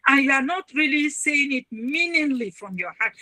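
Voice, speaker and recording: A woman's voice: on the high side, expressive, normal speed, pushed and bright, no room sound, poor audio. A woman, a university registrar and counselor, earnestly advising listeners in a webinar talk over a video call. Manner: earnest, advising, acts out quoted voices.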